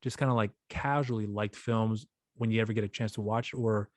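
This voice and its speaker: Give me a lower-voiced man hosting an interview, rambling through long questions, recorded dry and close. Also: steady tone, brisk, no room sound. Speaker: podcast host. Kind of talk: casual interview chat.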